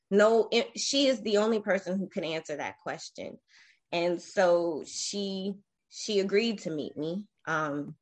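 Interview guest: woman, 40s, slightly low voice, reflective, halting, earnest storytelling. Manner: reflective, emotional, halting with fillers.

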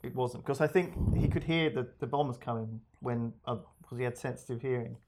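A man's voice: mid-range voice, brisk, background noise. A man telling a story in a casual chat with a friend, rambling with restarts.

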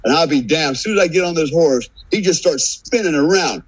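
A man's voice: on the high side, fairly quick, slightly rough, poor audio. An American man telling a long, profane story in a casual podcast chat, acting out the quotes. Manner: profane, animated anecdote teller acting out quotes. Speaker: guest.

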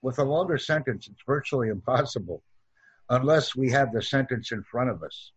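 A man teaching an online English lesson, speaking in slow, deliberate drills and repeating sentences for practice. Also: medium pitch, lively intonation, husky.

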